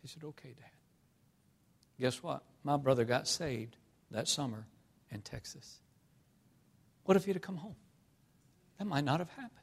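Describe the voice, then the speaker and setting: A man preaching a sermon, telling personal stories with emotion, swinging from hushed tones to loud outbursts. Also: fairly high pitch, lively intonation, moderate pace, creaky, pauses often, slightly rough. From North Carolina. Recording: long hall reverb.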